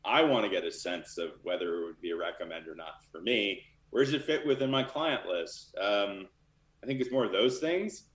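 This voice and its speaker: A literary manager speaks loosely and candidly as an interview guest, with lots of fillers. His voice is lowish and expressive at a moderate pace, in a reverberant space.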